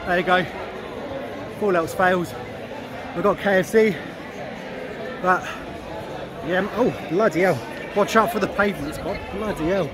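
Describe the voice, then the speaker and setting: Walking outdoors through a busy city at night, a male travel vlogger records himself on a handheld camera, joking, laughing often and swearing casually. His voice is high-ish and measured, with frequent pauses, while crowds and traffic surround him.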